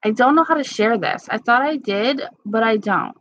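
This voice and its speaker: A woman chatting casually with live-stream viewers at home, candid and quick to laugh. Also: fairly high pitch, fairly bright tone, no room sound. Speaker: livestream host. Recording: slightly dull lo-fi sound.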